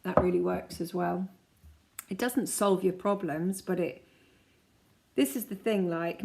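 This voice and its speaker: Gravelly-voiced woman teaching calming exercises. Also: fairly low pitch. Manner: chatty, guiding listeners through exercises step by step. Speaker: kinesiology practitioner. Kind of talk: casual self-help teaching.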